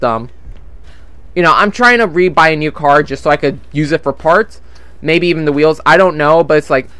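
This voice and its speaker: A man's voice: fairly high pitch, pushed and bright, no echo. A young man chatting casually while playing a game, rambling and swearing about money troubles, on a desktop microphone at home. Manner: rambling, frustrated, swears often. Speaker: gaming channel host. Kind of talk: casual gameplay commentary. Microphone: desktop USB microphone.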